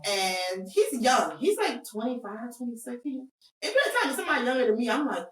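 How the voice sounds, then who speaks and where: A woman's voice: a little high, sing-song, a little fast, fairly bright tone, echoey room, far from the mic, low-quality recording. A woman co-hosting a casual podcast chat, blunt and joking as she keeps steering the talk to the next topic. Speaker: podcast co-host.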